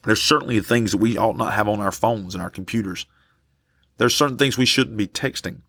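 A man preaching a passionate sermon as pastor, dragging out key words slowly for emphasis. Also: fairly low pitch, a bit bright, breathy edge, dry recording.

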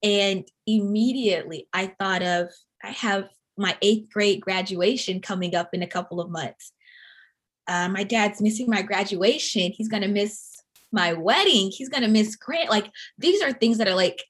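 A woman in her thirties from the Atlanta area, telling a personal story as an interview guest in an earnest, reflective, halting way. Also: mid-range voice, slightly rough. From Atlanta, USA.

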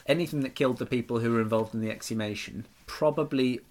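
Talking quickly in a medium-pitched voice, a podcast co-host trades jokes and riffs with his co-host. The chat is casual, and he keeps it animated and playful.

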